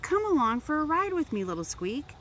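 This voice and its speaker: A woman voicing cheerful talking toys in a children's storybook, calling out eagerly in a high voice. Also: sing-song, fairly quick, a bit bright, slight background noise.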